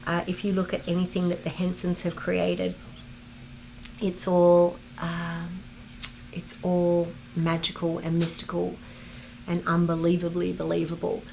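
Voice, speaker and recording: A woman hosting a fan watch-along, chatting casually, reading viewer comments aloud and telling animated anecdotes. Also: fairly low pitch, measured pace, vocal fry, a little hiss or hum. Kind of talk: casual livestream chat and storytelling.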